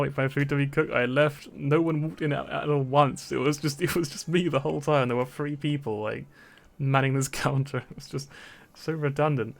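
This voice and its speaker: A young man from Britain, streaming and chatting casually, rambling and repeating words, with frequent laughs. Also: medium pitch. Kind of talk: casual chat.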